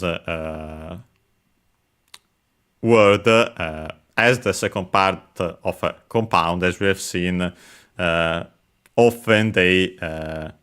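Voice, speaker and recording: A low-pitched man talks slowly, teaching language points step by step. He hesitates often and fills his pauses with drawn-out filler sounds. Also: a bit bright. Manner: hesitant, many filler sounds, careful and methodical. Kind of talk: explaining Japanese words while playing a game.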